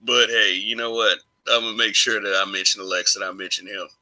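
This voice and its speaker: A man's voice: lowish voice, fairly even intonation, fairly quick, sharp tone, low-quality recording. A man giving a rambling, casual opinion monologue for his online channel, full of restarts and chuckles. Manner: rambling, frequent restarts and laughs. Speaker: YouTube commentator.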